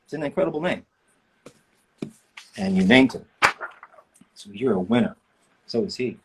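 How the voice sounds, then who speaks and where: A man's voice: medium pitch, expressive, moderate pace, background noise. A man, a voice actor, chats in a playful, joking way with fans while signing autographs on a livestream. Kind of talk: casual livestream chat. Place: indoor room.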